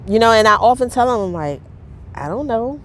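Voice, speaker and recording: A woman talking candidly to camera in a personal vlog, halting, with many fillers and restarts. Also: on the high side, expressive, a little hiss or hum. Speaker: vlogger.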